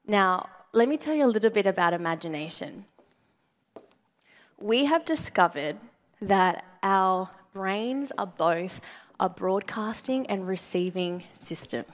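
A young adult woman giving a motivational talk to a live audience, telling a story in an animated way, acting out her own remembered words and asking the audience questions. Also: mid-range voice, a little slow, pauses often. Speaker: motivational speaker.

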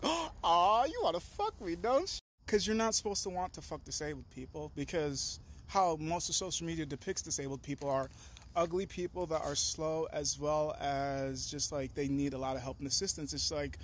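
This loose vlog features a young man whose voice is notably high; he curses liberally, digresses constantly and gets more animated as he rambles to camera. A faint background hum is present, and he switches to a high sing-song when talking to his dog.

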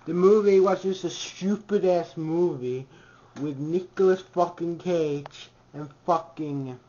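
A man ranting to camera in a comedic, heavily profane vlog, swinging from shouts to mutters. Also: on the high side, slow pace. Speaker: vlogger. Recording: dull lo-fi home recording.

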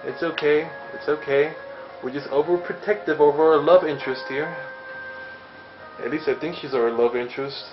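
A man's voice: fairly high pitch, steady tone, moderate pace. A young man giving casual gameplay commentary as a let's play host, joking and cursing playfully. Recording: slightly dull audio with faint game music.

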